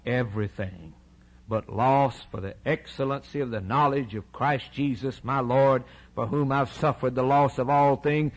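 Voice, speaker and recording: A man preaching a sermon who quotes scripture in old-fashioned wording and swings from shouted cries to hushed, low asides. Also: steady tone, a little slow.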